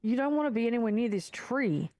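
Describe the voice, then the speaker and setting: A woman's voice: a little high, animated, a little fast, a little mellow, no echo. A woman playing in a tabletop game, talking casually and reasoning things out with caution. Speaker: player.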